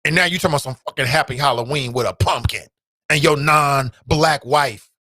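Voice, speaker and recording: A man hosting a talk show with an American Midwest accent, giving casual commentary, animated and laughing, swinging from loud outbursts to low asides. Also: fairly quick, dry recording, clean studio sound.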